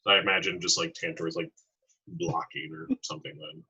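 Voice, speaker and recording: A man's voice: low voice, level tone, brisk, sharp tone, slightly rough, lo-fi sound. A man playing a tabletop game, casual and joking with the table. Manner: joking, often laughs.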